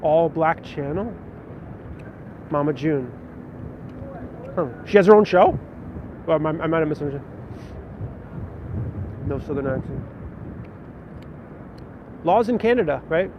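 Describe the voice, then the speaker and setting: A man's voice: a little high, lively intonation, measured pace, pauses often. A man, a vlogger and stage actor, chatting casually in a rambling, self-deprecating way while he walks and reads viewer comments aloud. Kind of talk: casual live-stream chat while walking. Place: city street outdoors. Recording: muffled lo-fi phone audio with loud street noise.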